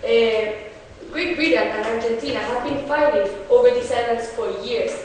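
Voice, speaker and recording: A woman's voice: a little high, moderate pace, a little mellow. A teenage woman from Chile, speaking, gives an earnest, explanatory debate speech full of uh's and restarts. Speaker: student debater. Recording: echoey hall, distant mic, faint hiss.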